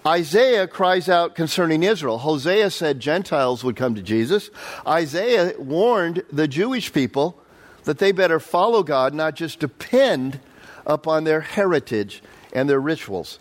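A male pastor teaching a sermon verse by verse, with a voice pitched a little high for a man. He speaks conversationally, drops asides, and asks his listeners questions. His delivery turns animated and jumpy whenever he quotes someone. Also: normal speed. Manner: conversational, quizzes the audience with asides.

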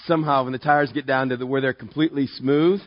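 Recorded dry and lo-fi, a man from Southern California preaches in a fairly even intonation, telling stories that poke fun at himself. As a pastor, he performs both parts of dialogues, shifting pitch quickly between them in this storytelling sermon.

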